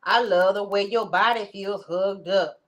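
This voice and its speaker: A woman voicing a lovesick woman gushing over her man, in an overdramatic, swooning, drawn-out way. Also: mid-range voice, fairly bright tone, highs cut off, pitched above the performer's own voice, close to an everyday voice.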